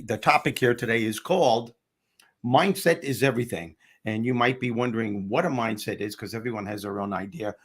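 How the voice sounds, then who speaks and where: A man's voice: medium pitch, slightly rough. Male host, mid-range voice, comic and self-mocking, loose chatty delivery. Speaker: talk show host. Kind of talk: comedic motivational talk show.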